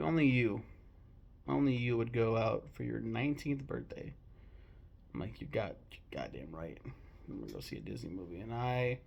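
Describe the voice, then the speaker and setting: Young male vlogger, gravelly voice with vocal fry, casual and gushing with frequent cursing. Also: mid-range voice. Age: 20s. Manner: candid, swears freely, emotional and gushing. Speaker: movie vlogger. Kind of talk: casual rambling film talk.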